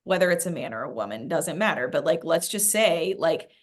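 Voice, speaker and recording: A woman's voice: low voice, lively intonation, fairly quick. Earnest woman chatting about breathwork. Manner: earnest, many "like" fillers, gets emotional. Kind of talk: casual heartfelt chat.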